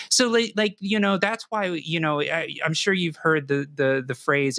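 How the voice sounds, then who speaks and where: Animated man with a fairly high voice. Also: normal speed, few pauses, dry recording, clean studio sound. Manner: animated, restarts often, acts out quoted kids. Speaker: co-host, educator and parent. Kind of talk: casual discussion with a caller.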